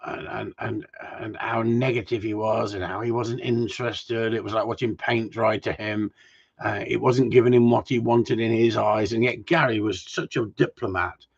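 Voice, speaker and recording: A husky-voiced gundog trainer talks casually and tells stories with lots of energy. He swears freely and trips over his own sentence starts. The recording sounds dull and lo-fi. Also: lowish voice, normal speed. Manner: animated, swears freely, frequent restarts. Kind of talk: casual chat, storytelling.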